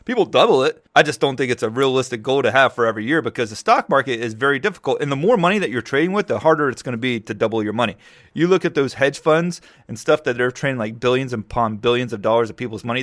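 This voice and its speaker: A man's voice: mid-range voice, fairly bright tone. A man in his forties, a podcast host talking casually and rambling, often repeating words as he thinks. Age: 40s. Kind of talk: casual chat.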